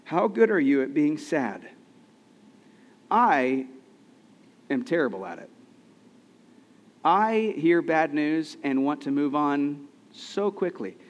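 A man's voice: on the high side, big pitch swings, takes it slowly, long pauses. A man in his thirties preaching a sermon, conversational and earnest, asking the listeners questions. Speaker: pastor. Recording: long hall reverb.

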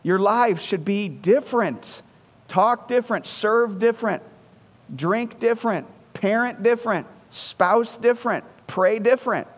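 A male pastor with a high-pitched voice gives an earnest, conversational sermon. He leans on repeated phrases to drive each point home. His voice rings with the long reverb of a church hall.

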